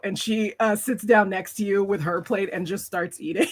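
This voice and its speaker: A woman's voice: mid-range voice, measured pace, breathy edge. A woman running a live tabletop role-play game as game master, telling the scene with lots of fillers. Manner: lively storytelling with many fillers.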